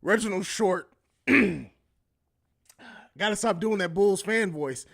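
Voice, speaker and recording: A man's voice: high voice, slow pace. A man hosting a live post-game sports podcast, reading chat comments and answering them in a combative, mocking, trash-talking way. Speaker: podcast host.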